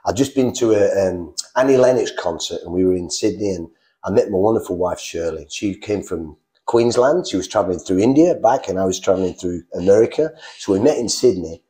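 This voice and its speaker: A middle-aged man from England telling his life story in a casual, animated way, acting out the voices he quotes. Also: sits low, fairly quick. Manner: animated, acts out quoted voices, frequent restarts. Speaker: guest telling his testimony.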